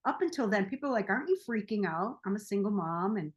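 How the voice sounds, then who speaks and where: A woman in her forties talks in a loose, chatty way, as a self-help coach. She laughs often and tells her story with lively animation. Her voice sits at a middling pitch for a woman. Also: quick pace. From United States. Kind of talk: casual monologue.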